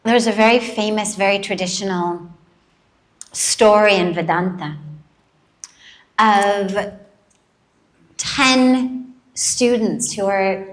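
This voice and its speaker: A woman spiritual teacher giving a slow, measured, gently emphatic satsang talk to a live audience in a large event hall, her throat dry and catching on coughs. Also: medium pitch. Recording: roomy echoing hall.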